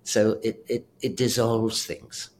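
A man's voice: lowish voice, level tone, slow, a little mellow, slight background noise. An older man with a British accent, a retired doctor rambling and chuckling as an interview guest. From South Africa. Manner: rambling, chuckling, self-correcting. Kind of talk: casual interview chat.

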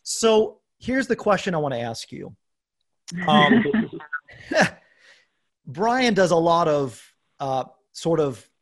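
Brief: forties male podcast host, a touch higher voice, animated and self-mocking storyteller. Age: 40s. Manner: animated storyteller, self-deprecating, acts out quoted dialogue. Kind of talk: casual podcast chat.

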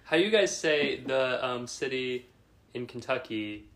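A man's voice: medium pitch, animated, unhurried, vocal fry, a bit bright. A man from Indiana, a podcast guest, telling anecdotes in casual chat and laughing as he goes.

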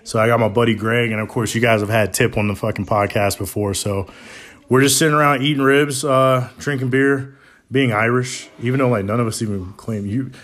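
A man in his thirties hosting a podcast, telling profane, animated stories to friends in his kitchen. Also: mid-range voice, fairly quick. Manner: profane, animated storyteller who laughs a lot. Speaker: podcast host. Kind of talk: casual storytelling among friends. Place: home kitchen.

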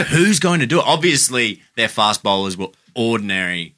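A man's voice: mid-range voice, very animated, moderate pace, bright, forceful tone. An Australian man co-hosting a casual sports chat, blunt and sweary, often mimicking others in mock voices.

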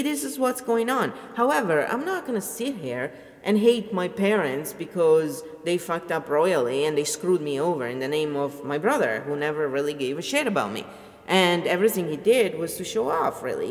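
A woman's voice: low voice, animated, normal speed, in a large hall. A middle-aged woman, ranting bluntly and swearing freely in a rambling personal vlog. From Italy. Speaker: vlogger. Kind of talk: personal rant to camera.

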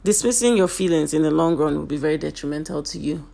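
Speaking fast in a low, creaky, dark-toned voice, a Nigerian woman earnestly and emphatically motivates her viewers, going back over her key points. Her voice is slightly off today.

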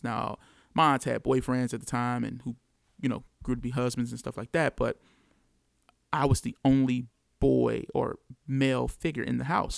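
A man's voice: medium pitch, creaky, no room sound, clean studio sound. A man from the United States telling his story as a father in an earnest, reflective monologue, repeating key phrases for emphasis.

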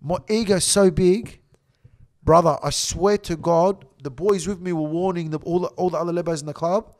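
A middle-aged Australian man telling a story as a podcast guest, blunt and animated, swearing heavily. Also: sits high, normal speed.

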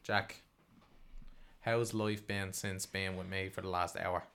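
A man's voice: deep voice, flat delivery, slow pace, fairly bright tone, slight background noise. A young man, co-hosting a podcast in casual, jokey chat. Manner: chatty, jokey, drops playful put-on voices. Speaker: podcast co-host.

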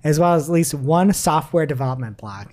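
Woman host, lowish voice, lively rises and falls, laughs as she reads, wry. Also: a little fast. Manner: giggly, wry, laughs mid-sentence. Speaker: podcast host. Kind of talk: casual chat, reading articles aloud.

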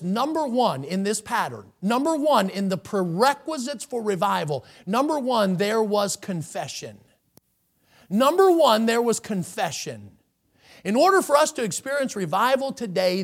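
Male preacher in a church, voice swooping up and down a lot, reads scripture then pushes hard on the big lines. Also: high voice. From United States. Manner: preaching with rising emphasis, reading scripture aloud. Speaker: pastor. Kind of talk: sermon. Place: church sanctuary.

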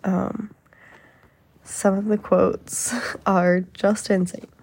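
A woman's voice: medium pitch, little pitch movement, drawn-out words, creaky, a little mellow, breathy edge. A woman hosting a casual podcast, reading an article aloud in a chatty, amused way with frequent fillers. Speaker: podcast host.

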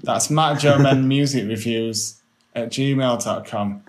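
A man's voice: mid-range voice, slow pace. Dry laid-back man, faint background noise. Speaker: podcast co-host. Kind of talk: casual chat.

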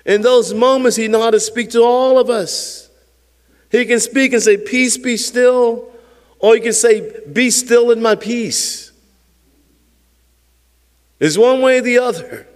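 An older man, a pastor, preaching a sermon with emphatic swells that sink to hushed, close tones, chuckling now and then. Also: very high-pitched, slow pace, pauses often. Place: church sanctuary. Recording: long reverb of a church hall.

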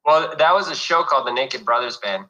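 Bright-voiced young man, easygoing. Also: mid-range voice, brisk, rough recording. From New York. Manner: easygoing, rambling with fillers and restarts. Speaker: actor guest. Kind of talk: casual interview chat.

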